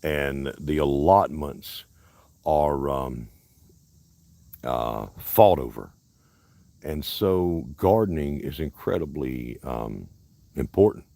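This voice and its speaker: A man's voice: a bass voice, lively intonation, slow pace, long pauses, dark tone, dry recording. A man from Alabama with a Southern accent, hosting a casual, rambling livestream chat outdoors at a park in a folksy way. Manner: folksy, rambling, self-interrupting. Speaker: livestream host.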